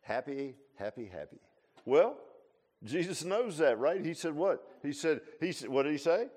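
A man delivers an informal sermon, his voice sitting a little higher than most men's. He preaches in a folksy, animated way, full of rhetorical questions and asides. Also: normal speed, husky. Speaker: pastor.

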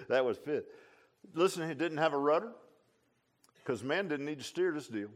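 A pastor delivers his sermon in a folksy, conversational, animated way at a normal speed, pausing often. He alternates between loud, emphatic calls and low, quiet asides, and his voice sits a touch high for a man.

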